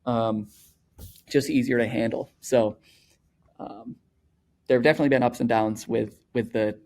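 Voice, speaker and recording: A man's voice: medium pitch, fairly even intonation, moderate pace, darkish tone. Chatty young man telling a story. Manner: rambling, with many fillers of "like" and "you know". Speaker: podcast guest. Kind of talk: casual conversational storytelling.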